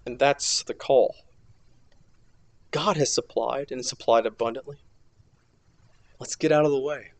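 A man preaching a sermon as an archdeacon, emphatic, swinging between loud declarations and hushed near-whispers. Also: mid-range voice, steady tone, measured pace, pauses often.

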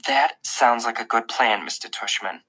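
A man reading an audiobook voices an upset, exasperated mother, pushing his voice high and pleading. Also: normal speed, sharp tone. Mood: grateful.

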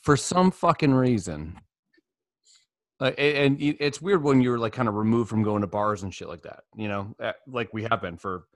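A man's voice: medium pitch, lively intonation, moderate pace, no room sound. A man co-hosting a podcast, joking in a loose, offhand and profane way. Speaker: podcast co-host. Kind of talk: casual podcast chat.

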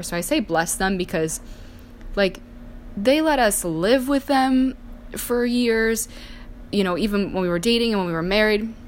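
A woman's voice: medium pitch, a little hiss or hum. A young woman telling a personal story in a casual, chatty way, full of "like" fillers. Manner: chatty, many "like" fillers, acts out quoted voices. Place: indoors, sipping coffee while talking.

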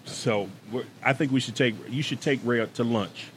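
A man's voice: mid-range voice, moderate pace, slight background noise. A man co-hosting a casual chat show, telling his own story in a friendly, chatty way. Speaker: podcast co-host.

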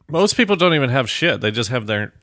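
A man's voice: medium pitch, bright, forceful tone, no echo, clean studio sound. A man co-hosting a podcast in casual chat, loose and laughing, with a lot of swearing. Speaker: podcast co-host.

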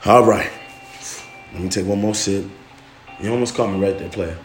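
A man's voice: fairly low pitch, normal speed, soft background music. A young man hosting a casual podcast monologue, loose and emotional, full of slang and "man" and "bro". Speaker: podcast host.

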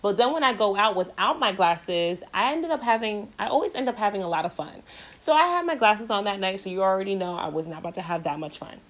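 A woman's voice: mid-range voice, expressive, quick pace, a bit bright, low-quality recording. A young woman vlogger telling a blunt, profane story in a casual, dramatic way, speaking into a phone from a moving car. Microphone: phone held away. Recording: car road noise, phone mic. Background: vehicle noise.

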